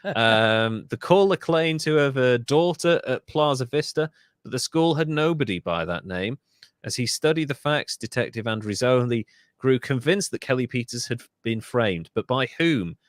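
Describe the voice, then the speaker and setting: A Welsh man with a middle-pitched voice tells a story on a podcast, breaking off now and then for asides and quick corrections. The sound is dry and close, with no room behind him. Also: expressive, dry recording. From Wales. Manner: reads a story aloud with asides and self-corrections. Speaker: podcast host.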